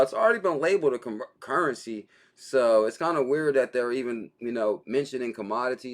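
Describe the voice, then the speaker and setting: A man with a medium-pitched voice hosts a daily crypto livestream. He chats casually and reads out viewer comments, laughing easily in a relaxed, slangy way.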